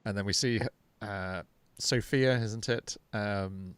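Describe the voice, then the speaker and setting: A man's voice: lowish voice, slow pace, a bit bright, smooth, dry recording. A man co-hosting a podcast, recapping an episode casually and unhurriedly, with fillers. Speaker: podcast co-host.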